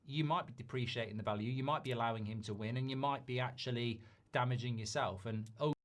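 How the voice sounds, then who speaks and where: Football pundit thinking aloud. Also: male voice, medium pitch. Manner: measured, reasons aloud, quick asides. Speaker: football pundit in a played clip. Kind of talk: football opinion commentary.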